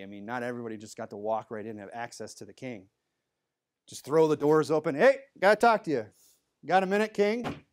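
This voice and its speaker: A man's voice: a little high, darkish tone. A male pastor preaching a sermon, talking plainly to the congregation and raising his voice for Bible readings.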